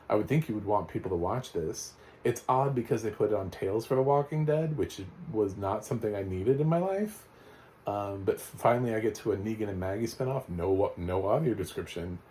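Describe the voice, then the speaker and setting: A man's voice: on the low side, dark tone, slight background noise. A man giving a casual spoken TV recap, rambling and blunt, with fillers and restarts and the odd swear word. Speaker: TV reviewer.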